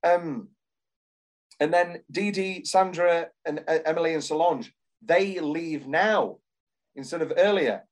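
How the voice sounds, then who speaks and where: British male podcast co-host, slightly high voice, passionate, swears freely, reads script bits in mock voices. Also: takes it slowly. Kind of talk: casual chat.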